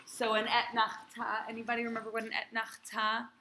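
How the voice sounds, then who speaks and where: A woman's voice: on the high side, monotone, brisk, sharp tone, slight background noise. A female cantor teaching a class, quizzing and encouraging her students in a chatty way.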